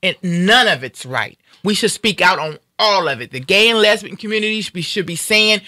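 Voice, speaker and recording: This is a woman ranting on a talk radio show, angry, emphatic and defiant. Her voice is bright and sharp. The sound is dry and close. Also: medium pitch, expressive, moderate pace, few pauses, no echo. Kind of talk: heated talk radio rant.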